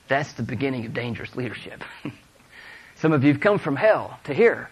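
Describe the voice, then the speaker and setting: A man preaching a sermon to a congregation, moving between hushed storytelling and loud, fervent exhortation. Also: mid-range voice, sing-song, moderate pace, breathy edge, rough recording.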